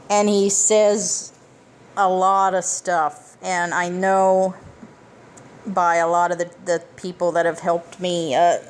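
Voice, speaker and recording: A woman with a lowish voice, recorded with a slight hiss or hum, recaps a film's plot casually as a movie reviewer. She's blunt and profane, throwing in emphatic asides.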